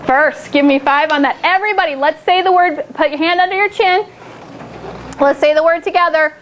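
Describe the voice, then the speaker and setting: A woman leads young children through a phonics lesson in a very high, bright voice. She keeps it upbeat and encouraging, slowing right down to stretch out each word she models. A faint hiss of room noise sits under the classroom recording. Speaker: teacher. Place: classroom with small group of children.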